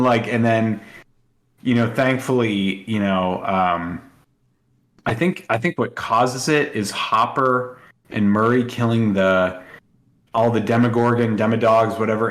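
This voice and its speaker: A podcast co-host chats casually and emotionally, filling his speech with lots of fillers. His voice is lowish and sounds reverberant.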